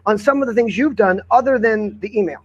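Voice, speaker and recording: A man's voice: high-pitched, brisk, breathy edge, muffled recording. A man co-hosting a casual video call chat, effusive and enthusiastic. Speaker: co-host.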